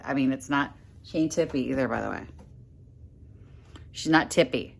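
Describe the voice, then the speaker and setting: Low-voiced woman chatting through a furniture project. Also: moderate pace, a bit bright. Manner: chatty, talks to camera while working, mutters when frustrated. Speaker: furniture flipper vlogger. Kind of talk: casual workshop vlog. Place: home workroom indoors.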